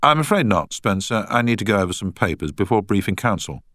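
A man's voice: lowish voice, sing-song, a little fast, a bit bright, dry recording, voice pushed up. A man voicing a cool, witty young woman solicitor with curt, dry put-downs.

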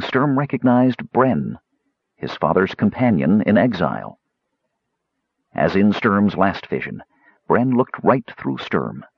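Male narrator, measured dramatic audiobook reading, husky voice, lively intonation, dull audio. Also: on the low side, no room sound.

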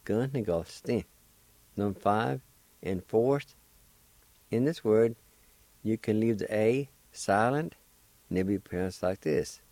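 Slow, mellow-voiced male language teacher. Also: fairly low pitch, no echo. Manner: patient, encouraging, sounds out syllables slowly. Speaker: radio language teacher and host. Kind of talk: slow step-by-step pronunciation lesson.

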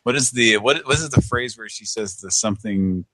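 A laid-back man with a fairly low voice hosts a podcast. He chats loosely, laughs a lot and swears as a matter of course, and the recording is dry and close. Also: moderate pace, sharp tone, dry recording. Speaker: podcast host. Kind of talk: casual profane chat.

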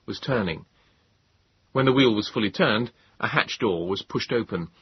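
Husky, low-voiced male narrator. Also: no room sound. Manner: measured, grave storytelling. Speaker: audiobook narrator. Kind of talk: scripted narration. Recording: slightly dull, dry recording.

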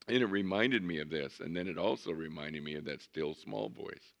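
Male pastor, very low and gravelly, conversational sermon delivery with slow stretched emphasis. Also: bright, forceful tone. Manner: conversational storytelling, drawn-out emphasis.

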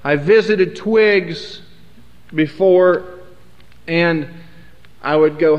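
Male preacher, high voice, emphatic and rambling, in a roomy hall on a dull old recording. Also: very slow, pauses often. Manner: rambling, emphatic, self-correcting. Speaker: Bible teacher. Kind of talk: sermon. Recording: echoey hall, dull lo-fi sound.

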